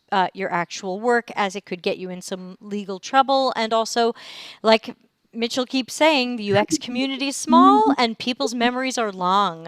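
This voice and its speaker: A woman hosting a casual podcast. Her voice is smooth and clear and sits a little high, and she talks loosely with lots of ums and likes. The sound is dry and close. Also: a bit bright, no room sound. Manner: chatty, many fillers. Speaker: podcast host.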